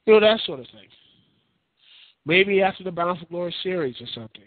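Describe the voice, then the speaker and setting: A man's voice: high voice, animated, brisk, dry recording. A man hosting his own podcast, giving casual, rambling, opinionated commentary that keeps circling back on his points. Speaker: podcast host. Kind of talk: casual solo wrestling commentary. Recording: dry, tinny phone-like line.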